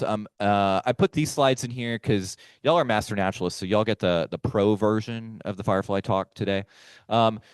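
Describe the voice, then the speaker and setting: A man's voice: medium pitch, clear, resonant tone, dry recording. A man giving a casual, conversational lecture to a live audience and speaking to them directly. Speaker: firefly researcher giving a talk. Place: meeting room with a live audience.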